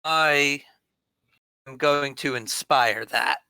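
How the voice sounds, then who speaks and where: A man playing a tabletop game, talking through his turn deliberately and casually. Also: mid-range voice, vocal fry, sharp tone, clean tone, dry recording, low-quality recording. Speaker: player.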